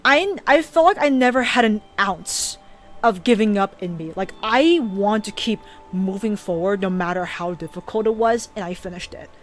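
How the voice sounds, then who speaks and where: Over soft background music, a young streamer and animator talks about her dreams on a casual live stream, her mid-range voice expressive and at normal speed. Earnest and emotional, she grows teary, frequently stumbling and starting her sentences over.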